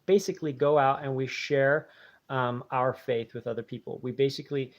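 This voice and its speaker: A man hosting a casual live stream, warmly thanking viewers and rambling with many fillers and restarts. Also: medium pitch, steady tone, moderate pace, muffled recording. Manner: warm and grateful toward viewers. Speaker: channel host reading viewer donations.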